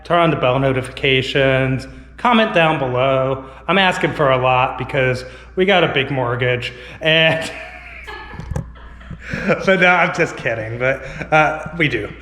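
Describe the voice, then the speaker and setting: A man vlogging casually to camera, rambling with lots of filler words, his voice a little hoarse. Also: mid-range voice, measured pace, fairly bright tone, a little hiss or hum. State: slightly hoarse. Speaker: vlogger and online reseller. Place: inside a house. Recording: echoey room with long reverb.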